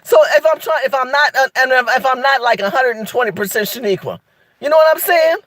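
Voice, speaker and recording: A woman's voice: high voice, fast, a bit bright, no room sound. A woman hosting a live video, talking straight to her viewers in a sassy, emphatic way. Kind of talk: animated live-stream commentary.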